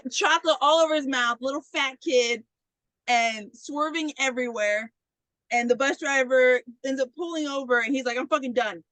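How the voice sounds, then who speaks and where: A young woman with a high, bright voice retells a film scene by scene, jumping into the characters' lines with lots of "like." The sound is close and dry, with no room around her. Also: no room sound, poor audio. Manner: animated retelling, acts out characters' lines, frequent "like". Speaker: podcast co-host. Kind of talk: casual movie recap chat.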